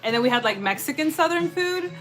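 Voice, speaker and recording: A fairly high-pitched woman from San Diego chats casually while cooking in her home kitchen. She talks in loose slang and reads viewer comments aloud. Music plays steadily under her voice. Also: expressive, fast talker, poor audio. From San Diego, California, USA. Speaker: livestream co-host cooking and chatting. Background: background music.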